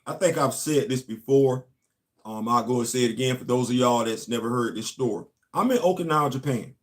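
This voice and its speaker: A man's voice: mid-range voice, a little fast. A man, a show host and former Marine, telling a long casual story and asking his listeners rhetorical questions.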